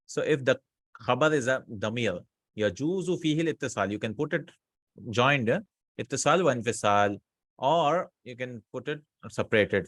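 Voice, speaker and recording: A man explains grammar points to a class in an unhurried, conversational way, often pausing to ask whether students follow. His voice sits in a middle pitch and is recorded dry and close, with little room sound. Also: a bit bright, no room sound. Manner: explains slowly in mixed Arabic and English, asks students checking questions. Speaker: Arabic grammar teacher. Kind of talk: casual classroom grammar lesson.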